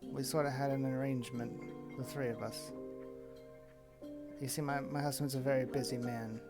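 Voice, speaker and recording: A man voicing a shaken, secretive woman who speaks haltingly. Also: mid-range voice, flat delivery, music in the background, lightly acted. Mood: uneasy. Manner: halting, hesitant delivery. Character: shaken middle-aged woman, secretive and uneasy.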